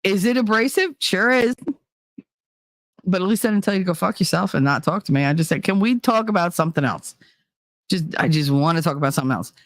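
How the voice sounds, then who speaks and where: A woman's voice: lowish voice, quick pace, dry recording, clean studio sound. A woman hosting a casual chat show, telling stories in a blunt, profane way and laughing often. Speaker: podcast host.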